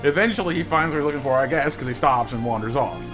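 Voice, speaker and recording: A man's voice: mid-range voice, animated, fast, music in the background. A man streaming a game live, telling a rambling story and greeting his chat with lots of stammered restarts. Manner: chatty storyteller, repeats words when starting sentences.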